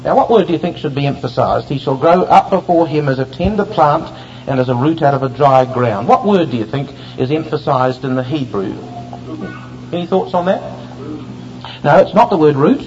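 A man's voice: on the high side, lively intonation, moderate pace, a little mellow. A man preaching a sermon, expounding scripture and asking the congregation rhetorical questions. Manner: expository Bible teaching, rhetorical questions to the congregation. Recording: dull lo-fi recording with faint ambient noise.

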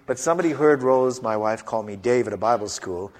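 A man in his fifties preaching a sermon as an animated storyteller, wandering into tangents and joking at his own expense. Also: medium pitch, fairly quick. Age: 50s. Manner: animated storyteller, rambling, self-mocking humor.

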